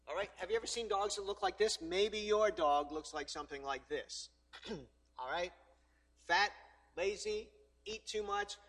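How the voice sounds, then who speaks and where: High-voiced joking male preacher. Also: measured pace, fairly bright tone. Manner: conversational and joking, with frequent 'all right?' tags. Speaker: pastor. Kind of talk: sermon.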